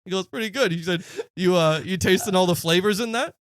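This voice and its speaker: Animated man telling a story. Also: high voice, a little fast. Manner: animated storyteller acting out quotes, swears freely. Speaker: podcast co-host. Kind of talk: casual storytelling chat.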